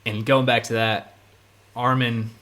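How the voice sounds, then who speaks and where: A male podcast co-host chatting casually as an enthusiastic fan. He gets excitable and pushes back on his co-host's points. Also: mid-range voice, measured pace. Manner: excitable fan, argumentative, says dude. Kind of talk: casual chat about an anime.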